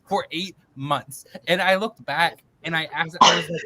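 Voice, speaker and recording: A man telling a self-mocking story in casual, animated chat with a friend. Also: fairly high pitch, normal speed, few pauses, a little hiss or hum.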